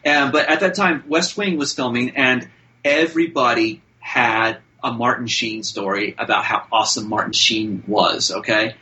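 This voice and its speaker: As a podcast guest, a man with a bright, forceful, middle-pitched voice tells a casual showbiz anecdote. He speaks at a moderate pace in a chatty, loose way, full of fillers and restarts, and the recording is rough.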